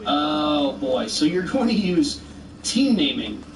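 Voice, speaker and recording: A man rants back at a video in a sarcastic, exasperated tone, his voice sitting a little high for a man. He sounds set back from the mic in a roomy space, with a faint hiss of noise underneath. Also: sing-song, slow, far from the mic. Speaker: commentator rebutting a video. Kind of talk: argumentative commentary.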